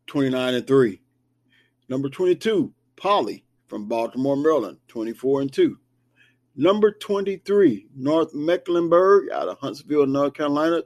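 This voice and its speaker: A man with a slightly high, darkish voice hosts a casual sports talk show near Wichita, Kansas. He works his way down a rankings list in a conversational tone, tossing in chatty asides as he goes.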